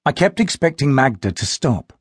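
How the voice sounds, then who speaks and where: Husky male narrator with lively inflection. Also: mid-range voice, moderate pace, dry recording, clean studio sound. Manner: expressive, tense storytelling. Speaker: audiobook narrator. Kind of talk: scripted first-person audiobook narration.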